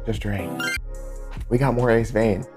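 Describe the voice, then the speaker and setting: A man's voice: lowish voice, unhurried, over music. A man hosting a reaction video, talking casually in a laid-back, slangy and profane way.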